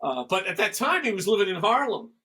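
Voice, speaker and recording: An older man, a guest musician, telling stories in a rambling, animated way and acting out the dialogue he quotes. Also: high-pitched, fairly quick, rough recording. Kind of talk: casual storytelling interview.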